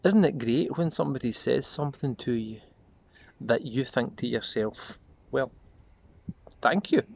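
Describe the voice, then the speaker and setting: A man preaching a short devotional sermon as a pastor, earnest and reflective, slowing and softening on repeated prayer refrains. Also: medium pitch, expressive, creaky. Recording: slightly dull lo-fi audio with faint noise.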